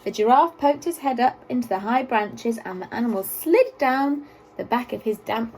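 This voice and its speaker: A woman reads a children's picture book aloud in an expressive, sing-song storytelling voice. Her pitch rises and falls a great deal, sitting fairly high, while her tone stays warm and mellow. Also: normal speed, breathy edge, low-quality recording.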